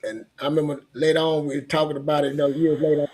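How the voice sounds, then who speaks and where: A man's voice: on the high side, level tone, quick pace, darkish tone. A middle-aged man talking in a casual chat, earnest and rambling, often repeating himself.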